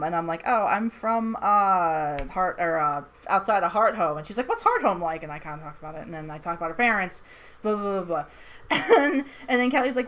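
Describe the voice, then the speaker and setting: Giggly woman with a lively voice. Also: mid-range voice, fairly quick. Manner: giggly, animated, quotes characters in voices. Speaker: tabletop game player. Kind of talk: casual chat.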